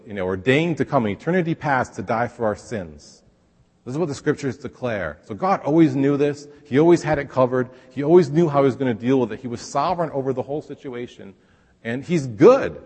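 Male pastor, casual sermon delivery, mid-pitched voice, long hall reverb. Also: lively intonation, fairly quick, a little mellow, slightly rough. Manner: conversational, acts out quoted voices.

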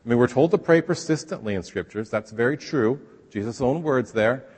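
A man preaching a sermon in a relaxed, conversational way, sometimes acting out the voices he quotes. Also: mid-range voice, brisk, husky, big-room sound. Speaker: pastor.

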